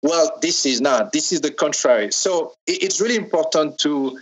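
A man's voice: fairly high pitch, lively intonation, normal speed, rough recording. A man with a French accent, a podcast guest explaining his topic in a hesitant way, often restarting and repeating words. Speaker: guest, sex toy maker. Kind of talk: casual podcast interview.

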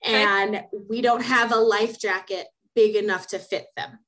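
Her voice is medium in pitch and fairly bright, with fairly even intonation and a slightly slow pace, captured on poor audio. A young adult horse program specialist, she co-hosts a casual podcast, talking emphatically, laughing often and repeating words mid-thought.

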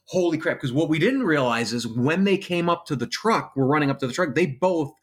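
A man's voice: fairly high pitch, fairly quick. A middle-aged man, a former special effects artist, telling a wild story in casual chat, swearing and acting out the voices of the people in it. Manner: animated, swearing, acts out voices in anecdotes.

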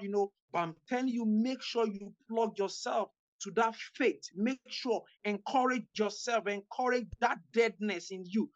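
A woman's voice: mid-range voice, lo-fi sound. A woman preaching as a guest evangelist, making fervent, repetitive appeals to her listeners.

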